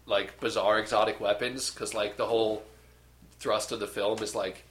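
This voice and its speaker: With a low-leaning, level, slightly bright voice at normal speed, a young podcast co-host recaps a movie in casual chat, acting out scenes and rambling with heavy fillers. The recording is echoey.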